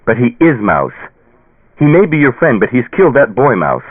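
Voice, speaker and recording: A man's voice: mid-range voice, big pitch swings, normal speed, husky, no echo, pitched above the performer's own voice. A man voicing a tired, patient father pleading with his daughter in an audiobook. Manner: pleading, patient, sometimes stern. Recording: tinny phone-like dry sound.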